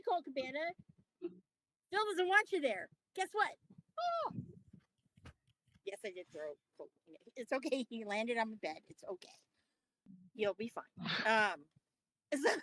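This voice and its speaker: A woman co-hosting a wrestling podcast, talking casually in an animated, profane rant. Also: a little high, takes it slowly, pauses often, no echo, low-quality recording. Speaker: podcast co-host. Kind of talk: casual chat.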